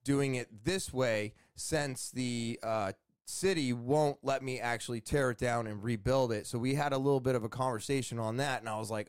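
A man's voice: mid-range voice, normal speed, smooth, no echo, clean studio sound. Chatty man telling a homeowner story. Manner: chatty, animated retelling with quoted dialogue. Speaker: homeowner vlogger. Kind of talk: casual storytelling to camera.

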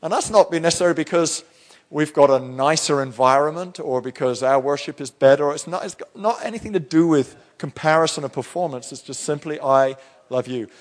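A man's voice: a little high, a little fast. A middle-aged male pastor preaching a sermon in church, talking in a conversational, storytelling way with frequent restarts.

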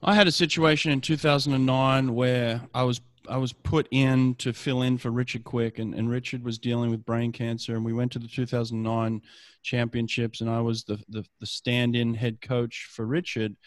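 A man's voice: mid-range voice, level tone, normal speed, no echo. Man, middle-aged, swim coach, storytelling, dry close sound. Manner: storytelling, frequent restarts. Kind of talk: casual conversation.

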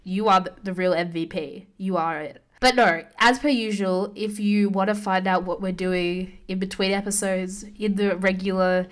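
A woman's voice: medium pitch, fairly even intonation, normal speed, few pauses. A young woman co-hosting a casual podcast, chatty and full of "like", swearing freely. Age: young adult. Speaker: podcast co-host. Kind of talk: casual chat.

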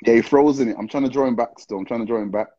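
A man hosting a casual livestream, tipsy and excitable, heavy on slang as he calls out to viewers. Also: mid-range voice, rapid-fire. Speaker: livestream host. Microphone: live stream with call-ins. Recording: dull lo-fi stream audio.

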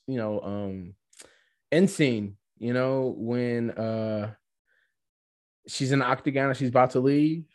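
A podcast co-host with a medium-pitched, slightly mellow male voice chats casually. He rambles and keeps tossing in "right?" asides.

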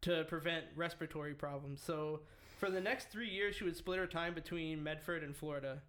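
A man's voice: a little high, fairly quick, a bit bright. A man co-hosting a casual podcast, telling a true-crime story in a loose, joking, profane way.

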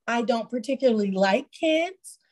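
A woman's voice: fairly high pitch, expressive, normal speed, a little mellow. Dry, matter-of-fact woman in her forties. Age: 40s. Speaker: podcast guest. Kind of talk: casual chat.

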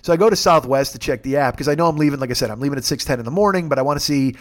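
A man hosting a podcast, telling a rambling, profane, animated comic story on his own. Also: mid-range voice, racing. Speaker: podcast host. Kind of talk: solo comedic rant. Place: his house.

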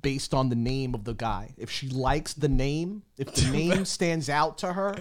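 A man's voice: medium pitch, unhurried. A man co-hosting a casual sports podcast, joking around and laughing often. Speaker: podcast co-host.

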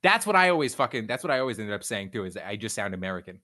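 Young male streamer guest, low-ish voice with a bright edge, candid and swearing, talks in loose restarts. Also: sing-song, racing. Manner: profane, candid, rambling with restarts. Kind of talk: casual chat.

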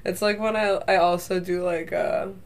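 A woman with a low, deep voice and an American Southern accent chats casually as a podcast co-host. She comes across as playful and self-mocking, and she laughs easily. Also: fairly even intonation, moderate pace. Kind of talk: casual chat.

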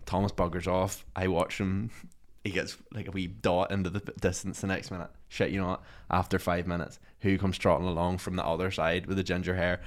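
A man's voice: low voice, flat delivery, fairly quick, few pauses. A young man, animatedly telling a story in casual chat and acting out his friends' lines.

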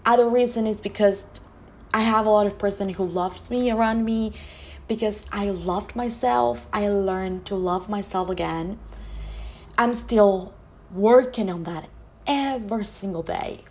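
A woman's voice: mid-range voice, a little mellow. Earnest woman speaking from the heart. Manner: earnest, heartfelt, halting with restarts. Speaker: podcast host. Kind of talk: personal monologue.

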